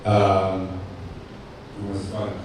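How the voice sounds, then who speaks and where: At a cafe open mic, a man delivers a rambling, self-deprecating stand-up bit riddled with ums and restarts. His voice sits low and monotone with a darkish tone, and he talks extremely slowly; the distant mic catches a very echoey room and faint noise.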